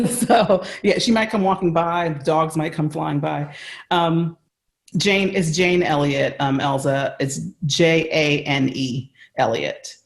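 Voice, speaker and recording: A woman's voice: low voice, slow, reverberant. An American woman, a leadership coach, giving earnest, emphatic answers with examples on a video call. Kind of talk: conversational interview answer.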